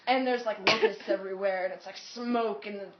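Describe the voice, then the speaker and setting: A woman telling a long story in a casual vlog, animated and acting out what people said, with many "like"s. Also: mid-range voice, brisk, a crowd in the background. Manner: animated, acts out quotes, says "like" often. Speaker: vlogger. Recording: echoey room, dull lo-fi sound.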